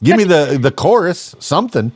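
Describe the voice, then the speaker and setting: A man's voice: on the high side, very animated, normal speed, darkish tone, slightly rough, no echo. A man hosting a casual podcast, playful and teasing, rambling with lots of fillers. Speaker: podcast host.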